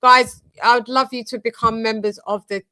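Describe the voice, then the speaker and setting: A woman's voice: a little high, fairly even intonation, moderate pace, dry recording. A woman hosting a boxing channel's live stream, chatting casually, thanking members and breaking into bits of song. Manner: chatty, sings snatches and shouts out members.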